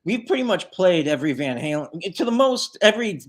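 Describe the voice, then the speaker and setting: A man's voice: high-pitched, big pitch swings, brisk. A man chatting as a guest on a live show, leading a tribute band and telling a winding story. He keeps stacking fillers and restarts, then jumps into little acted-out quotes of the people in it. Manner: rambling, full of fillers, acts out quoted lines. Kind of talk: casual storytelling in a live interview.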